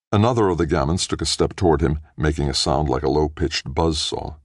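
Male audiobook narrator, very deep voice, dry close recording, steady measured reading. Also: slightly rough, no room sound. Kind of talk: scripted narration.

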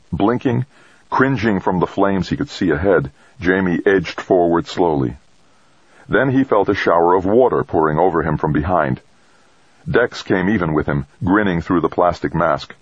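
A man narrating a science fiction story in a steady, dramatic reading. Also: sits low, slightly rough, no room sound. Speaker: audiobook narrator. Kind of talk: scripted narration. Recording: dull, dry close recording.

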